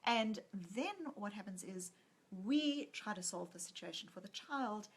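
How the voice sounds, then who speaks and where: This is a woman with a husky, slightly breathy voice, talking as a psychologist and author in a relaxed interview. Her pitch sits in the middle range for a woman. She tells stories with real energy and acts out the lines people said in them. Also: measured pace. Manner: animated storyteller who acts out quoted lines. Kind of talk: conversational interview.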